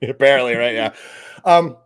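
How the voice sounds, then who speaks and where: A man hosting a live stream, loud and joking, laughing often. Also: mid-range voice, normal speed, smooth. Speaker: livestream host. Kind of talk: casual live stream chat.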